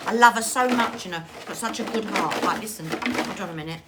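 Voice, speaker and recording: A woman's voice: mid-range voice, fairly quick, heavy background noise. A woman working as a psychic medium, giving a chatty, affectionate card reading on a phone livestream and calling her viewers darling. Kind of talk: live-stream card reading.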